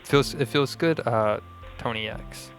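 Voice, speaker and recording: A man co-hosting a comic call-in show in a playful, mock-earnest voice. He sits at an average male pitch and plays every line straight for the joke. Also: measured pace, a bit bright, faint music behind. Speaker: co-host.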